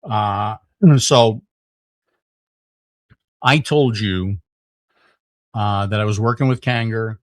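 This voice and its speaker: A middle-aged man, a podcast guest, telling a story in casual conversation, animated, with lots of fillers and restarts. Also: on the low side, takes it slowly, long pauses, dry recording.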